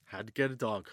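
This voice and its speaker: A man hosting a comedy podcast, rambling through a casual, profane stoner monologue. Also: medium pitch. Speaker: podcast host. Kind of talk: comedic stand-up style monologue.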